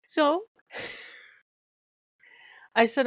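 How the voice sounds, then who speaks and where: A fed-up woman rants straight into the camera in a casual vlog, cursing freely. Her mid-pitched voice carries a gravelly fry. The sound is dry and slightly dull, like a lo-fi home recording. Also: normal speed, no room sound. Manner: profane, exasperated venting. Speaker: vlogger.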